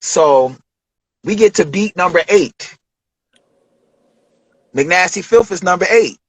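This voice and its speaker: A man telling a studio story as an interview guest, animated, acting out quotes with big jumps in pitch. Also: slow, breathy edge, dry recording. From Detroit.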